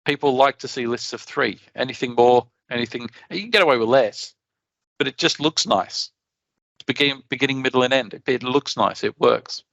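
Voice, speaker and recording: Aussie bloke presenting at a conference, chatty, keeps restarting, crisp bright voice, kinda dull dry recording. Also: male voice, mid-range voice, moderate pace, no echo. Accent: Australian. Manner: chatty, animated, frequent restarts. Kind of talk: conference talk.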